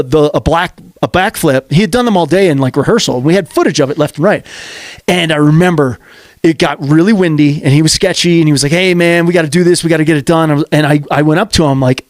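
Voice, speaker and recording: A man who is a podcast guest tells stories in a casual, chatty way. His voice is a touch high, and the recording is dry and close with no room sound. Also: dry recording. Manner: chatty, quick reactions and anecdotes. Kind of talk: casual chat.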